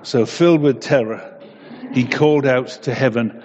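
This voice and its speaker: A man giving a devotional talk with an illustrative story, then a soft, gentle prayer. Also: medium pitch, moderate pace. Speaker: preacher. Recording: muffled echoey hall.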